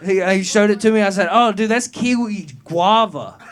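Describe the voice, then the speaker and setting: High-voiced young man doing stand-up. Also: steady tone, fast talker. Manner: profane, rambling, laughs at his own jokes; gets loud and heated answering a heckler. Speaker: stand-up comedian. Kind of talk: stand-up comedy set. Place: comedy club open mic.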